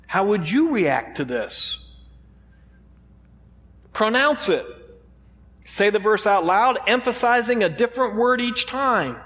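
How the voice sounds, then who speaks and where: A man's voice: sits high, big pitch swings, slow pace, long pauses, fairly bright tone, big-room sound. A man preaching a sermon as pastor, conversational, asking the congregation rhetorical questions.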